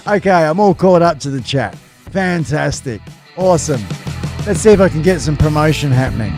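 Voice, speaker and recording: A man's voice: a little high, animated, normal speed, over music. A man with an Australian accent hosting a casual live stream, chatting in a rambling way with plenty of fillers.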